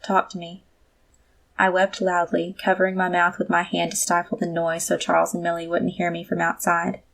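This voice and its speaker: A woman narrates a first-person story in the even manner of an audiobook reader. Her voice sits low, with a gravelly, fry-touched texture. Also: a little fast.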